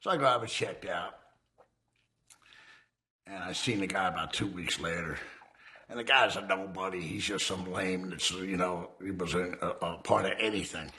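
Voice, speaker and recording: Sitting low with a sharp tone, this man's voice tells his life story as a former criminal. He speaks candidly and profanely in streetwise language, performing the voices of those he quotes.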